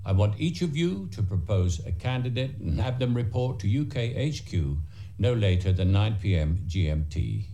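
An actor playing an older male spymaster who leads a secret agency, speaking in a formal, measured way. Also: fairly low pitch, very animated, mellow. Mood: businesslike. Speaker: head of a secret agent organisation. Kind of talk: film dialogue.

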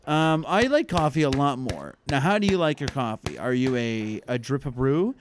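A man's voice: medium pitch, animated, moderate pace, a little hiss or hum. A man hosting a casual remote podcast, chatting and joking in a playful, rambling way. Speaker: podcast host. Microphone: headphones and remote call mic.

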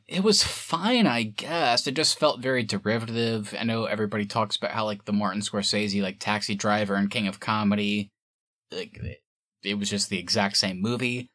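A man hosting a podcast in casual chat, animated and quick to laugh. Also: lowish voice, no echo. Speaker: podcast host.

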